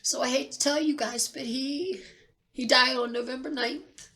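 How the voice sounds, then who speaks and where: A middle-aged woman telling a personal story near tears, halting and repeating herself with pauses. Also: high voice, fairly even intonation, bright, forceful tone. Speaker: vlogger sharing personal loss. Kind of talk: tearful personal account.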